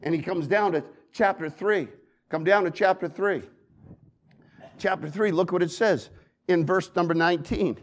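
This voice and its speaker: A man preaching a sermon, swinging between loud and hushed delivery and repeating phrases for emphasis. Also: sits high, moderate pace.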